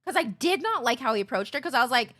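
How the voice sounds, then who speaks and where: A woman streamer telling stories in casual chat, animated and swearing freely. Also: high voice, quick pace.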